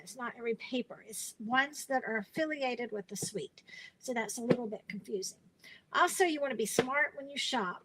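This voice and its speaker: A tired woman chatting through a craft live stream, slightly high-voiced and rambling, full of fillers and restarts. Her voice comes through a webcam mic with faint background noise. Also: a bit bright, rough recording. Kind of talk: casual live-stream chat.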